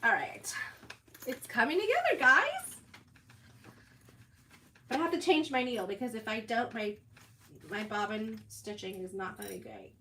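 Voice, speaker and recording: A woman's voice: fairly high pitch, very animated, moderate pace, long pauses. A woman hosting a sewing live stream, chatting casually and laughing often as she answers viewers while she works. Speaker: sewing livestream host. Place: sewing workspace away from home. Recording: distant mic with audible background noise.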